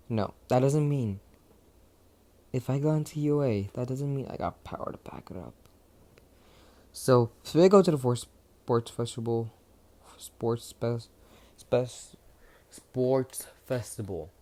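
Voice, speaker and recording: A man's voice: mid-range voice, measured pace, pauses often, mellow. Rambling, foul-mouthed young man. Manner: profane, rambling, self-interrupting. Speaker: fan storyteller. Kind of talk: casual rambling retelling.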